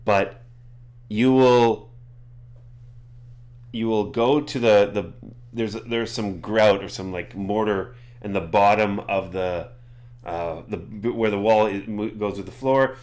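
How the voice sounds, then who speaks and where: A man narrating a tabletop game as its game master. His voice sits fairly low, and he rambles, often circling back mid-sentence. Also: steady tone, slow, a little mellow. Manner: rambling, many fillers and restarts.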